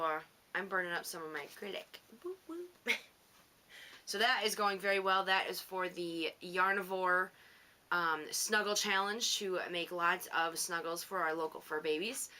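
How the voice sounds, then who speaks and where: A woman with a fairly low voice that still has a bright, forward edge talks through her week as a podcast host. She rambles, teases herself and laughs easily in a loose, unscripted monologue. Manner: chatty, rambling, self-teasing, quick to laugh. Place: home on the coast.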